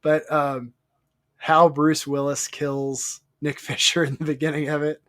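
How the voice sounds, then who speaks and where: A man co-hosting a casual movie podcast, talking in halting bursts that build into excitement. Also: fairly high pitch. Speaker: podcast co-host.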